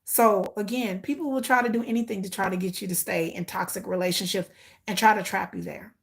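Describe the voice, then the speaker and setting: A woman's voice: mid-range voice, fairly quick, gravelly. A woman, talking casually to viewers, telling stories and acting out quotes. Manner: animated storytelling, acts out quotes. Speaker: commentary vlogger.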